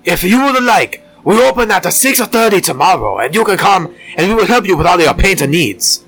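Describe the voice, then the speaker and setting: A man's voice: high-pitched, very animated, moderate pace, creaky, fairly bright tone, voice pushed up, exaggerated voice, rough recording. A man voicing an overly polite male paint store clerk with formal customer-service phrasing. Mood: mock-polite.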